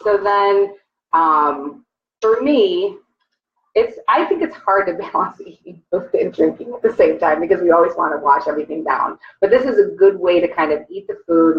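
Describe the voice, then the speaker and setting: A woman co-hosting a casual wine tasting livestream at home, talking in a chatty, descriptive way with many "um"s. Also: deep voice. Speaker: co-host, mother. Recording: echoey room, dull lo-fi sound.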